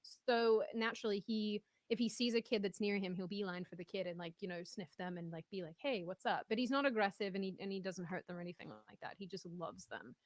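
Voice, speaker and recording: A woman telling a story in casual chat, animated and indignant as she rants. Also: medium pitch, fast, hardly any pauses.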